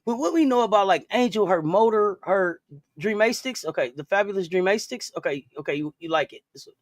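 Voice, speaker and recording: A man hosts a loose sports chat in a high, lively voice that swings up and down constantly. He is playful and repetitive and laughs easily. The sound is dry and close to the mic. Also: a little fast, no echo. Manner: playful, repeats himself, laughs often. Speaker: podcast host.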